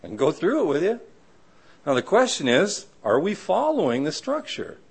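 A middle-aged man preaching a conversational sermon who keeps asking the audience "right?" and acts out the people he quotes in sudden high voices. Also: wildly swooping pitch, moderate pace, vocal fry, husky. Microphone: live audio of a church talk.

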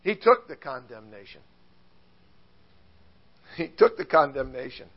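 An older male preacher giving a sermon, lively and chuckling at his own stories. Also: a little high, unhurried, pauses often, husky, dull audio. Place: church.

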